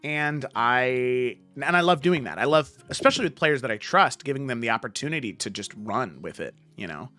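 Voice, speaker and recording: Laid-back, bright-voiced male guest. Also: mid-range voice, expressive, fairly quick, few pauses, faint music behind. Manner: laid-back, laughing, repeats himself. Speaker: guest, game master. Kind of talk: casual chat.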